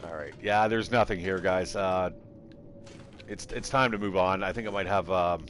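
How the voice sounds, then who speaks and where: Male streamer, low voice, loose rambling commentary with frequent swearing. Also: moderate pace, fairly bright tone, a little hiss or hum. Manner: rambling, swears freely, thinks aloud. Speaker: game streamer. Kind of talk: casual live-stream commentary.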